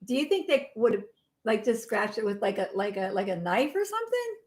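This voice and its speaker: Giggly, lively older woman. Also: on the high side, brisk. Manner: giggly, teasing. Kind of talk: casual banter on a live stream.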